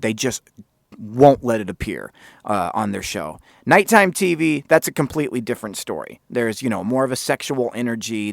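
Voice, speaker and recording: A man hosting his own podcast, telling a story in a casual, animated way and swearing freely. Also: mid-range voice, no echo, studio quality. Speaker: podcast host.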